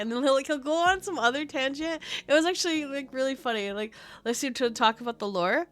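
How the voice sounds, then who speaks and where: A woman streamer chatting casually, telling a rambling, animated story about a game session, full of fillers. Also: high-pitched, fast, few pauses.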